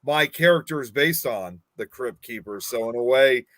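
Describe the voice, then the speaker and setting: A man's voice: medium pitch, lively intonation, normal speed, a bit bright. A man hosting a podcast, chatting casually and rambling with self-corrections. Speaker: podcast host.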